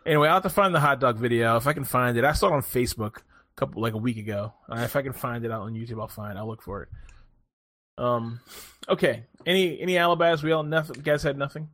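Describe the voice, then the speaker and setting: A man hosting a casual podcast chat, telling stories in an animated way, swearing freely and laughing often. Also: medium pitch, fast. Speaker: podcast host.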